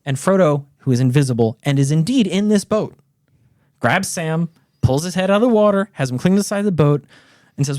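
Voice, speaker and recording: A man with a slightly higher voice retells a story in casual podcast chat, swearing freely and jumping into the characters' voices. The sound is dry and close. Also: expressive, brisk, a little mellow, no room sound. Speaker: podcast host retelling a book.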